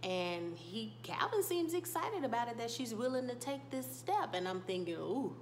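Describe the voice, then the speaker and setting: A woman's voice: fairly high pitch, very animated, normal speed, slight background noise. A young woman gossiping animatedly through a TV episode recap, with laughing asides, on a desk microphone. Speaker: TV show reviewer. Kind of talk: casual recap vlog.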